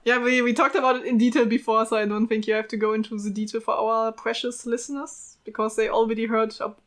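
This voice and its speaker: A woman's voice: a little high, level tone, fast talker. Playful, teasing woman podcaster. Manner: playful, teasing, laughs often. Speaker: podcast co-host. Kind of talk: casual chat.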